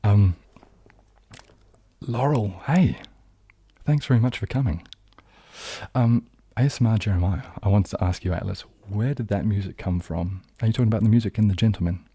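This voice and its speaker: A young New Zealand man with a low, dark, husky voice and an accent that drifts toward southern English. He chats casually on a live stream, rambling through ums and false starts in a self-deprecating way. The sound is close and dry. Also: normal speed, no room sound. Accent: New Zealand, leaning southern English. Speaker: ASMR streamer hosting a live chat.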